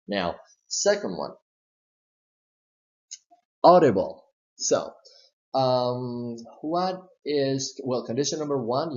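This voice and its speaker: Slow, patient male pronunciation teacher. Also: mid-range voice, darkish tone. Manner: patient, explanatory, repeats model sounds and words. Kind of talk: slow step-by-step pronunciation lesson. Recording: slightly dull lo-fi recording.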